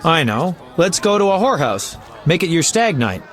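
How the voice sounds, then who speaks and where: A flamboyant bard chatters on in a teasing, talkative way, his voice sitting slightly high. A faint crowd murmurs behind him, as in a game tavern scene. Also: very animated, moderate pace. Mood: coaxing. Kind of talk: video game voice acting.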